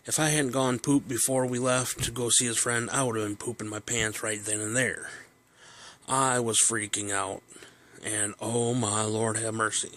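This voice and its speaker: A man's voice: fairly low pitch, level tone, moderate pace, a bit bright. A man casually telling a personal story, rambling with fillers and restarts.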